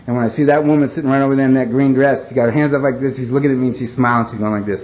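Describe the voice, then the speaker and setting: A man's voice: mid-range voice, fairly even intonation, lo-fi sound. A man speaking at a recovery meeting, telling his story in repetitive, playful bursts that turn earnest and heartfelt. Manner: repetitive, playful, rapid-fire phrases. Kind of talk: personal storytelling talk.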